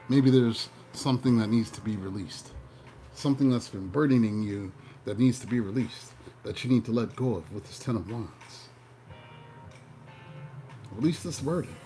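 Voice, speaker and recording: A man giving a casual tarot reading, playful and animated, breaking into joking mock voices. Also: fairly low pitch, unhurried, pauses often, soft background music. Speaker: tarot reader.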